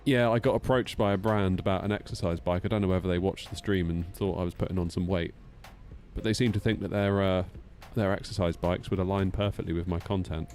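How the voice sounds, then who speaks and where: Guy chatting on a flight sim stream, lowish voice, jokey and self-mocking, bit of music faint behind. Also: fairly even intonation, fairly quick, darkish tone. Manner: chatty, self-mocking, reads chat aloud. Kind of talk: casual live-stream chat.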